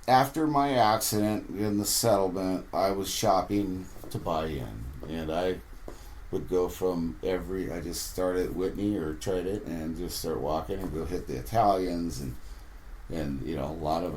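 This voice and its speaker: A fishing captain telling rambling, animated stories in a podcast interview. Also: male voice, low-pitched.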